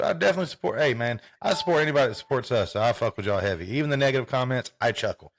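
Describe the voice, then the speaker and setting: A man's voice: medium pitch, lively intonation, very fast, slight background noise. A man co-hosting a sports podcast, chatting loosely and casually with plenty of swearing. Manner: loose, profane, laid-back banter. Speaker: podcast co-host.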